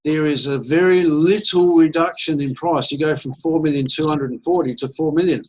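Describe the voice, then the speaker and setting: A man's voice: fairly high pitch, fairly even intonation, normal speed, a little mellow, slight background noise, rough recording. A man presenting at an online business meeting, talking in an enthusiastic, chatty way and acting out phone calls. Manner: enthusiastic and conversational, acts out phone chats. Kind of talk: persuasive sales pitch on a video call.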